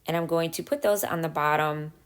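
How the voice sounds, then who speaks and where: Guiding viewers through each step of a craft project, this channel host talks in a low voice. Her manner is relaxed and talkative, dotted with small pauses.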